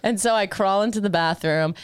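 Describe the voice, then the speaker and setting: A woman's voice: medium pitch, fairly quick, clear, resonant tone, no room sound, clean studio sound. A woman co-hosting a podcast, telling a story in casual chat, laughing often, swearing freely and acting out the lines she once said. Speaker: podcast co-host.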